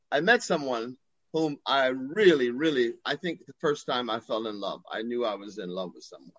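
A man's voice: mid-range voice, no echo, dull audio. Older man telling a story dramatically. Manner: expressive, theatrical. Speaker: guest. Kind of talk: storytelling in an interview. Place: home porch.

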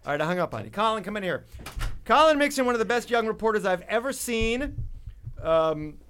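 High, lively joking talk-show host man. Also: fairly quick, a little hiss or hum. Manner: wisecracking, rambling, lots of restarts. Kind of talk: jokey talk-show banter.

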